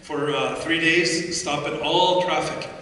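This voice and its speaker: Bright-voiced man telling stories to a hall. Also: on the high side, steady tone, takes it slowly. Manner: anecdotal, humorous, retells conversations in dialogue. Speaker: speaker at a community assembly. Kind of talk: storytelling speech to an audience. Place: large hall. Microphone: far room microphone. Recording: echoey hall from far off, faint crowd and noise.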